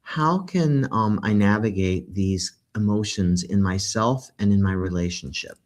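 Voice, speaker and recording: A man hosting a conversational interview, reflective and affirming, pausing often to find his words. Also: fairly low pitch. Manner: warm, reflective, many fillers and restarts. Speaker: podcast host.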